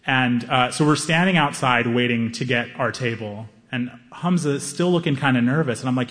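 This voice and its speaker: A young man doing stand-up comedy, telling a story with animated delivery and acting out the people in it. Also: mid-range voice, normal speed, hardly any pauses, long reverb tail.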